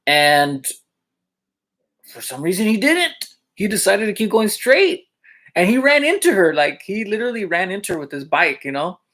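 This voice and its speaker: A male teacher casually telling funny school stories to his viewers, chatty, with lots of fillers and quick check-ins, often laughing as he goes. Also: high-pitched, big pitch swings, a bit bright. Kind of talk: casual storytelling vlog.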